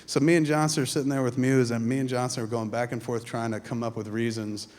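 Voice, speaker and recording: A filmmaker telling profane, animated stories live on a theatre stage, mimicking his friends in quick quoted asides. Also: mid-range voice. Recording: reverberant theatre hall, faint ambience.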